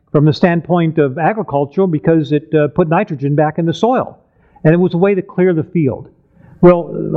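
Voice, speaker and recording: A man delivering a Bible teaching sermon in a fairly high voice. He reads verses aloud and then unpacks them with simple questions. The sound is muffled and lo-fi. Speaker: preacher.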